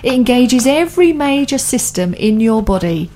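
A woman's voice: on the high side, big pitch swings, moderate pace, warm tone, slight background noise. A woman hosting a radio chat show, talking enthusiastically in long, running sentences. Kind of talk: casual studio chat.

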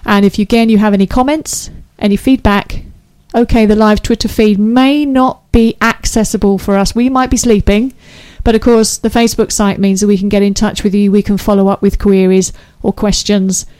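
A woman's voice: medium pitch, steady tone, normal speed, few pauses, a little mellow, no room sound, rough recording. A woman hosting a live internet radio show, chatting in a bubbly, gushing way and laughing often. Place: small radio studio.

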